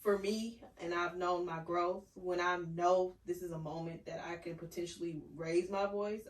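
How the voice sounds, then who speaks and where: A woman co-hosting a podcast, speaking in a reflective, measured casual chat. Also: lowish voice, fairly even intonation, far from the mic. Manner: reflective, measured, acts out quoted speech. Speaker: podcast co-host. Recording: roomy sound from off-mic.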